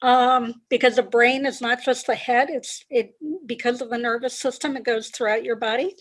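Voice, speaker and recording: A woman executive coach, a podcast guest, explaining ideas in a measured way and repeating key phrases. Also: on the high side, little pitch movement. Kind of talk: conversational interview.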